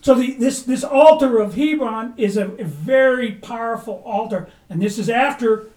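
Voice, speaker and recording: A man preaching a sermon with passion, rising to loud urgency and dropping to a hush. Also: very high-pitched, normal speed. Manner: impassioned, swings from loud to hushed. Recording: echoey room, mic at a distance.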